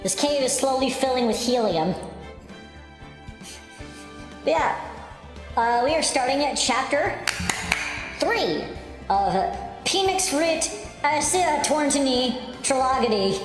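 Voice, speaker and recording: A streamer talking through a squeaky pitch-raising voice filter, joking casually while starting a game. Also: lively intonation, unhurried, roomy sound, big-room sound, soft background music, rough recording. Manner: joking, self-aware banter.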